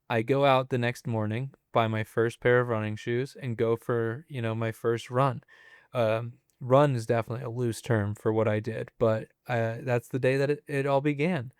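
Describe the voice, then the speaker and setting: A young man in his twenties speaks as a podcast guest, telling a personal story at an easygoing pace and leaning on casual fillers. His voice is smooth and clean, sitting in the middle of the male range. The sound is dry and close, with no room echo. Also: mid-range voice. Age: 20s. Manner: relaxed, chatty, loose with fillers.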